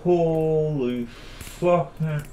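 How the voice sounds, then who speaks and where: A man's voice: a little high, extremely slow, warm tone, soft background music. A man giving gameplay commentary while he plays, frustrated and swearing constantly between bursts of angry ranting. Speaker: gamer streaming a VR game.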